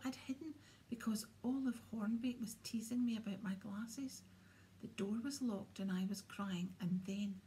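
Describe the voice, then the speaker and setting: A woman's voice: a little high, dark tone, slight background noise, close to an everyday voice. A woman doing a moping teenage girl ghost. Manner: moping, dramatic. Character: sulky, self-pitying teenage girl ghost.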